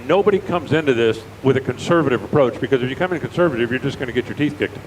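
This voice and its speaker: A man's voice: medium pitch, very fast, poor audio. A middle-aged American man doing chatty, folksy live drag racing commentary at an outdoor raceway. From United States. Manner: chatty, folksy, animated storyteller. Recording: faint outdoor engine noise.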